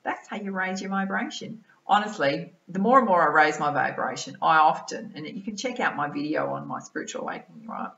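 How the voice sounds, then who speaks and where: An Australian woman, a mind-body-soul balance coach, giving an energetic, chatty motivational talk to camera and tacking "right?" and "yeah?" onto her sentences. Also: sits low, brisk, creaky, hardly any pauses, roomy sound, highs cut off. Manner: energetic, chatty, keeps adding tag questions like "right?" and "yeah?".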